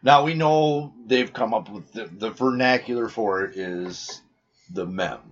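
A man co-hosting a casual podcast, making wisecracks and riffing on jokes, often trailing off quietly. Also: fairly low pitch, a little slow, muffled recording, faint music behind. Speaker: podcast co-host. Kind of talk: casual joking banter.

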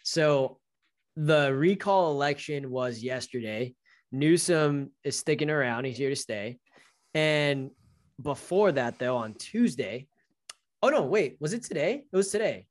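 Animated young man telling a story. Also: a little high, measured pace. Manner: animated storytelling, acts out quoted dialogue. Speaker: podcast co-host. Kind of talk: casual chat.

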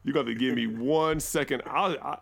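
A man's voice: mid-range voice, moderate pace, vocal fry, a little hiss or hum. A man co-hosting a sports podcast, joking in self-deprecating banter. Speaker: podcast co-host. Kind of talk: casual sports chat.

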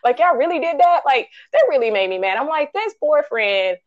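A woman co-hosting a podcast, reviewing a film in casual chat, animated and ranting, acting out quotes in high voices. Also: brisk, highs cut off. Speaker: podcast co-host.

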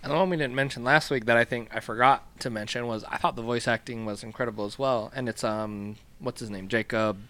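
A man's voice: medium pitch, fairly even intonation, fairly quick, hardly any pauses, a bit bright. A man co-hosting a casual podcast chat, easygoing and prone to tangents. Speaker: podcast co-host.

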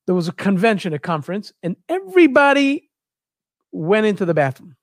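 Man, high voice, dry close sound, animated storyteller. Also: fairly quick, no echo. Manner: searches for words, repeats phrases, animated retelling. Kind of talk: casual storytelling.

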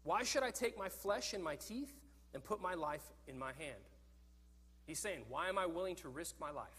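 A man preaching a sermon in an earnest, animated way, often repeating words as he thinks. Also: fairly high pitch, moderate pace, breathy edge, long reverb tail.

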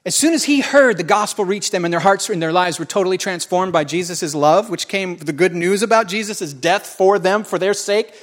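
With a high-pitched voice, this pastor in his forties jokes with the congregation in a folksy sermon, alternating between loud exclamations and quiet side remarks.

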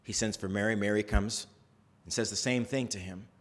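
A man preaching a sermon, retelling a story conversationally with lively swings in pitch. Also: moderate pace. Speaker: pastor.

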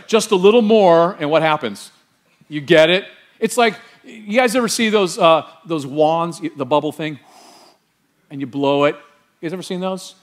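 Man pastor, middle-aged, high-pitched, animated sermon delivery. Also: moderate pace. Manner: animated, quizzes the congregation with rhetorical questions.

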